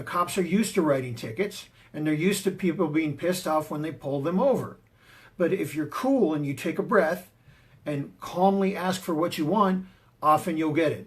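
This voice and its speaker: A man giving a motivational talk on confidence, emphatic and punchy, telling personal stories to drive his points home. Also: a little high. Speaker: motivational speaker and martial arts teacher.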